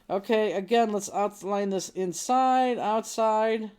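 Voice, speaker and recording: A woman's voice: mid-range voice, animated, normal speed, darkish tone. A woman hosting a live online craft class, chatting casually, laughing often and thinking aloud as she works. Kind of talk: casual live-stream chat while crafting.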